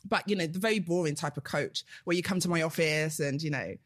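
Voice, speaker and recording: A British woman, a coach and podcast guest, chatting lively and laughing often. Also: deep voice, fast, no echo, studio quality. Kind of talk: casual podcast chat.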